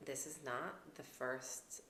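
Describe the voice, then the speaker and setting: Woman, very low voice, earnest advising tone, roomy echo, faint background hiss. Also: fairly even intonation, slow, bright, forceful tone. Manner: earnest, advising, Hebrew religious terms. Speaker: guest psychologist. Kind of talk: conversational interview. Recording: echoey room with faint ambience.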